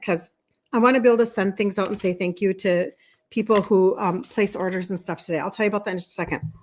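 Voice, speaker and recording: A woman in her fifties with a Minnesota accent, hosting a casual livestream as a health coach and greeting viewers by name. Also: medium pitch. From Minnesota, USA. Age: 50s. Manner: chatty, repeats words, greets viewers by name. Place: indoor room with balloons behind her.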